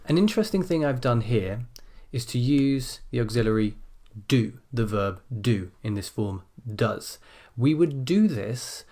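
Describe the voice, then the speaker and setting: A man teaching an essay-writing lesson, calmly explaining and stressing key phrases as he types. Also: mid-range voice, a little slow. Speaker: language teacher.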